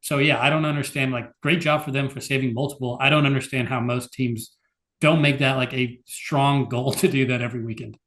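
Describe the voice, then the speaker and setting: A man's voice: medium pitch, steady tone, a little fast, fairly bright tone. Exasperated podcast co-host, man. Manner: loose, filler-heavy, exasperated. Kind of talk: casual chat.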